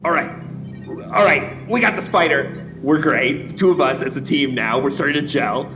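A man playing a tabletop game, excitable and joking as he plans. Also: on the high side, moderate pace, over music. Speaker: player. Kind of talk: casual tabletop play.

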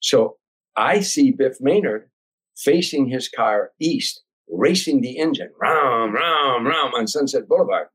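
An older man from Chicago, a comedian telling a long anecdote as a podcast guest, animated and acting out voices and sounds. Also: medium pitch, takes it slowly, breathy edge, poor audio. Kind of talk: storytelling anecdote.

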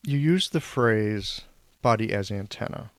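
A man's voice: lowish voice, expressive, measured pace, no room sound. A man hosting a casual conversation, wry and self-deprecating, asking probing questions.

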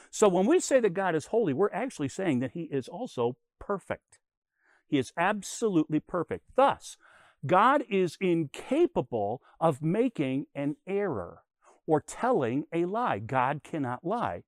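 Older male Bible teacher, animated storyteller, slightly high voice, dry close sound. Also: moderate pace, no room sound. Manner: storytelling, explains with everyday comparisons.

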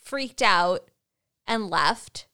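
Bright, chatty woman podcast co-host. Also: medium pitch, expressive, drawn-out words. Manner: chatty, laughs often, acts out characters' lines. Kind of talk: casual recap chat.

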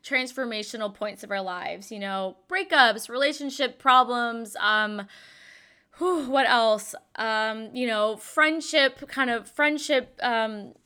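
Speaking slowly, this young podcast host recounts a personal story casually, filling it with "like" and breaking into yawns and laughs. Her slightly high voice sounds bright, smooth, and forceful.

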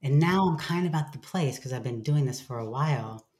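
This woman has an unusually deep, low voice. She talks openly and reflectively as an interview guest. She swears offhandedly and slips into playful voices when quoting her own self-talk. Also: expressive, a little fast, a little mellow. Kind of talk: candid conversational sharing.

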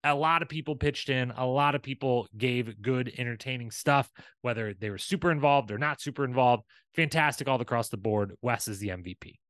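Male podcast host, animated and talkative, recapping solo in a dry room. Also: mid-range voice, brisk, no room sound. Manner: enthusiastic, chatty, animated.

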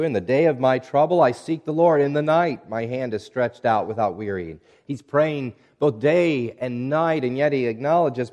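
A male pastor delivering a sermon in a measured, earnest voice. His pitch sits in the middle range, and he reads scripture aloud and slips into hushed, quiet passages.

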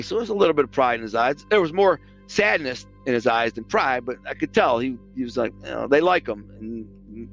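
In a muffled recording, a man with a fairly high, slightly bright voice casually tells stories about his past. His style is streetwise and profane, and he acts out what other people said.

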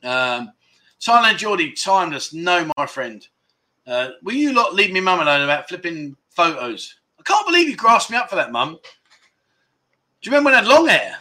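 A man hosting a livestream, reading viewer comments aloud and reacting with loud, jokey exclamations. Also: high-pitched, moderate pace. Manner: excitable, jokey, exclaiming loudly. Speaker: livestream host.

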